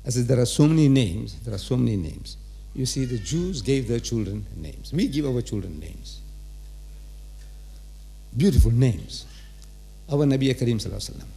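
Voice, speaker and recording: A South African man delivers a religious lecture to a live audience in a large auditorium, packed with rhetorical questions as he quizzes and teases the crowd. His medium-pitched voice is expressive and dark, with vocal fry, a moderate pace and frequent pauses.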